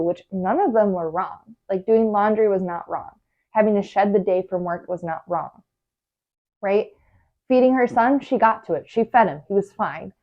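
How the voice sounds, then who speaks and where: A woman's voice: mid-range voice, moderate pace, muffled recording. A woman hosting a podcast, giving casual advice in a chatty way full of fillers and acted inner voices. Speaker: podcast host, organizing coach.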